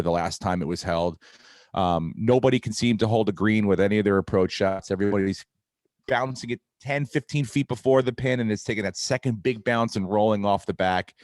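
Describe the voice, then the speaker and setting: There's no echo in this clean studio clip of a middle-aged podcast host whose voice sits on the low side. He's telling a funny story casually, full of swearing, and he animatedly acts out what everyone said.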